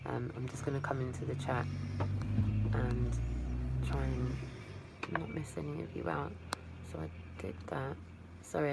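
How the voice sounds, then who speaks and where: Low-pitched and gravelly, the voice belongs to an Englishwoman hosting a casual livestream, weary after a long day of talking. She rambles warmly, calling viewers darling, into a phone placed at a distance, with background noise audible.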